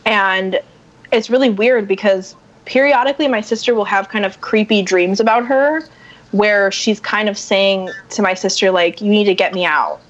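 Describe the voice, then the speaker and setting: A woman guest on a podcast tells a story casually in a medium-pitched voice at a moderate pace. She's animated and acts out what other people said, and the lo-fi recording sounds dull.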